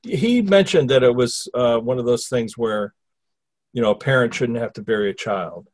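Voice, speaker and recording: In a moderately paced, animated mid-range voice, a male host chats casually with a spirit via a medium. He asks long, meandering questions and keeps restarting them.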